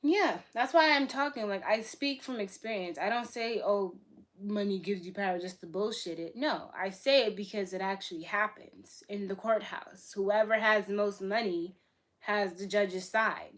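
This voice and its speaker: A young woman from Boston chatting casually on a livestream, answering her chat in a blunt, profane way that swings between loud bursts and soft asides. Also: medium pitch, moderate pace. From Boston, USA. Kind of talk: casual live-stream chat.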